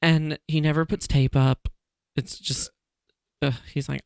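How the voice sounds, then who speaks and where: A male podcast host in casual chat, with a somewhat high voice. He tells stories with lively energy and breaks into laughter often. The sound is dry and close. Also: a little slow, creaky, smooth, no echo. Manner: laughs often, animated storytelling.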